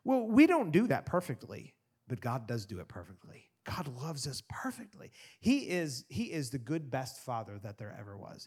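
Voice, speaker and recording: A man preaching a sermon in an animated way, swinging from loud emphasis to quiet asides. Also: medium pitch. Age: adult parent. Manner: animated preaching, rising and dropping to soft asides. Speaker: pastor.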